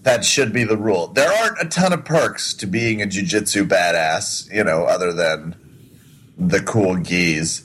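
A man's voice: deep voice, unhurried, a bit bright, slight background noise, rough recording. A man in casual podcast chat, trading wry, teasing banter.

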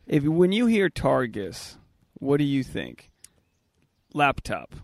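A young man hosting a podcast, rambling through casual chat with frequent halting restarts. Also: medium pitch, huge pitch swings, vocal fry, dry recording. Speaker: podcast host. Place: outdoors at a yard sale.

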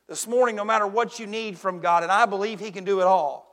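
A man preaching a sermon as pastor, swinging between hushed intensity and shouted emphasis. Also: sits high, fairly even intonation, fast, few pauses. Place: church sanctuary. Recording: long church reverb.

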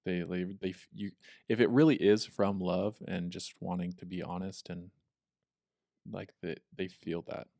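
Very low, gravelly man; halting, earnest co-host, dry close mic. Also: little pitch movement, mellow, dry recording. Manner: halting, earnest, repeats words. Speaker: podcast co-host. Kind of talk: casual chat.

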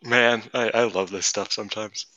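Rambling, very bright-voiced guy. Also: on the low side, moderate pace, dry recording, muffled recording. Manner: rambling and excitable, heavy "like" and "dude". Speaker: podcast co-host. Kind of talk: casual podcast banter.

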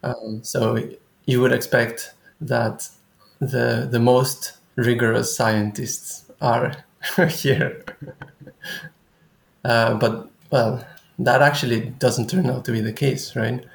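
A young man talks in a relaxed conversation, pausing and restarting as he works through his thoughts. His voice has a gravelly, creaky edge. The sound carries a noticeable echo from the room. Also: mid-range voice. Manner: thoughtful, halting, many restarts. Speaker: guest researcher. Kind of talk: casual conversation.

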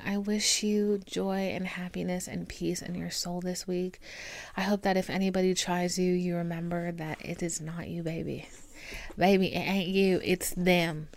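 Alone at home with her dog, a woman hosts her own podcast as a casual solo monologue, speaking candidly, swearing freely and offering listeners warm pep-talk asides. Her voice is on the low side, recorded on a camera.

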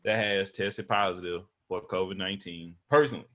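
A man's voice: low-pitched, fairly even intonation, brisk, a bit bright. A man with a Texan accent hosting a podcast, talking in a loose, profane, joking way. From Texas. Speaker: podcast host. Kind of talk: casual podcast chat.

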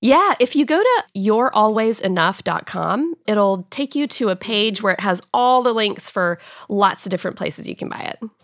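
A woman's voice: medium pitch, animated, moderate pace, fairly bright tone, no room sound. Heartfelt woman author, dry studio sound. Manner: heartfelt, emotional, laughs often. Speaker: author guest. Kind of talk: podcast interview.

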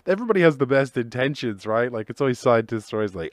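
A man's voice: medium pitch, expressive, fast, hardly any pauses, no echo, studio quality. A man hosting a solo podcast, rambling through jokey, profane musings in casual chat. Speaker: podcast host.

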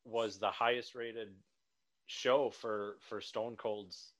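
A man interviewing a guest in a casual, halting conversational way. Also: on the low side, steady tone, fairly bright tone.

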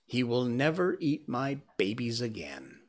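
A man voicing a small, silly male tailorbird who talks in an excited, sing-song, praising way. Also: medium pitch, a little slow.

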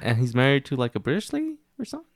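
A man's voice: mid-range voice, wildly swooping pitch, very fast, no echo, clean studio sound. A man in a casual movie chat, playful and teasing with his questions.

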